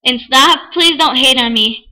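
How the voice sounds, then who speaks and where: Bright, giggly young woman vlogging. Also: high voice, measured pace, rough recording. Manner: giggly, rambling, apologetic. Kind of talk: casual chat.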